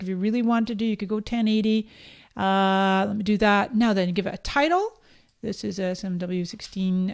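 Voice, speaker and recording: A Canadian woman in her fifties with a Scottish accent hosts a live social media training, a streamed software tutorial. Her mid-range voice is chatty and upbeat as she speaks directly to viewers.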